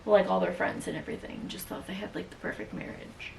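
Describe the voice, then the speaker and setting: A woman's voice: medium pitch, fast talker, vocal fry, darkish tone, slight background noise. A young woman gushes about a book in casual chat, repeating her praise over and over. She sits a little away from the microphone, so she sounds slightly distant. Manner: gushing, repetitive enthusiasm. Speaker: co-host. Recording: voice sitting off-mic.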